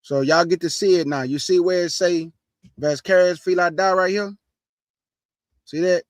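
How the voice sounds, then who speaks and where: With a strikingly high voice, a steady tone and a moderate pace, an online preacher and show host fires up his audience emphatically. He keeps calling them family, repeats his points, uses casual slang and asks rhetorical questions. No room echo is heard; the sound is dry.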